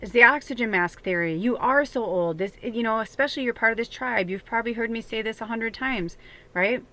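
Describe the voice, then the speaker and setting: A woman's voice: on the high side, brisk, a bit bright. A woman giving a casual spiritual tarot reading, chatty and rambling, with many fillers and an occasional swear. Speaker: tarot reader.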